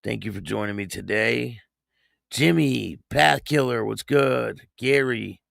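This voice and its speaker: A man's voice: medium pitch, slow pace, vocal fry, fairly bright tone, no room sound, studio quality. A man hosting a casual livestream, greeting viewers by name and reading news stories aloud with small stumbles. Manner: reads chat names and donations aloud, reads news with stumbles. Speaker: online show host.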